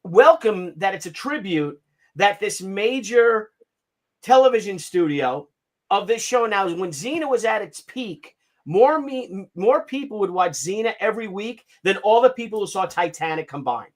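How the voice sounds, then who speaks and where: Animated ranting man hosting a stream. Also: high voice, moderate pace. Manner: animated, profane, sarcastic ranting. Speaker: comic artist hosting a livestream. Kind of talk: casual ranting livestream talk.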